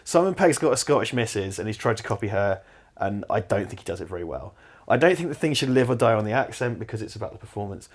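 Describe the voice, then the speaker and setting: A young man co-hosting a casual film commentary, animated and opinionated, swearing freely. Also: fairly low pitch, quick pace. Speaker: podcast co-host.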